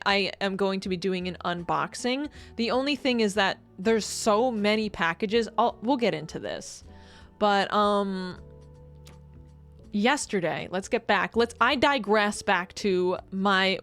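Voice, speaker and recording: A woman's voice: mid-range voice, a bit bright. A woman streamer in casual chat, rambling and laughing often as she reads chat messages.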